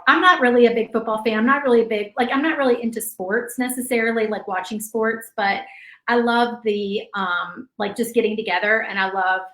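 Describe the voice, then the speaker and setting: Brief: woman craft host on a live stream, slightly high voice, roomy echo, emotional and chatty. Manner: chatty, warm, many fillers, tearful at times. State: emotional, near tears. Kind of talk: live-stream painting chat. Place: home craft room. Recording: echoey room.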